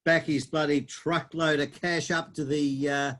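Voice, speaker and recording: A man with a slightly high voice answers his co-host in a dry, unhurried way. He keeps his replies short and chuckles easily. He sounds relaxed and amused. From Australia. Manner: dry, laid-back, laughs along. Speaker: podcast co-host. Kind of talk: casual betting tips chat.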